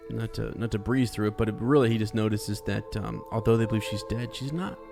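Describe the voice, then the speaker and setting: Podcast co-host, a man with a lowish voice, talks in a halting, easygoing way. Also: gravelly, over music. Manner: halting, many restarts, laughs easily. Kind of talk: casual book discussion chat.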